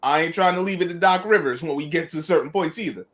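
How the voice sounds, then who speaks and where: A man talking sports on a casual panel, reasoning things through in a measured way. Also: on the high side, fairly bright tone.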